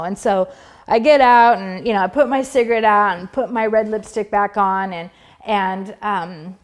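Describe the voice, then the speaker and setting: A woman's voice: mid-range voice, normal speed. A woman telling her personal faith testimony in a chatty, casual way, full of fillers and acting out her own past thoughts. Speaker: Christian testimony speaker.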